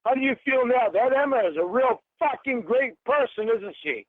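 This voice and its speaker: A man's voice: very high voice, expressive, normal speed, dry recording. A man in a heated phone argument, angry and accusing, swearing constantly as he talks. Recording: tinny phone line recording.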